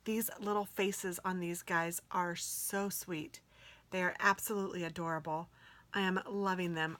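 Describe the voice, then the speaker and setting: Gushing excitable woman unboxing stickers. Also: on the low side, normal speed. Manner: gushing and excitable, drops into soft whispers. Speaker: planner sticker vlogger. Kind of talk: casual unboxing chat.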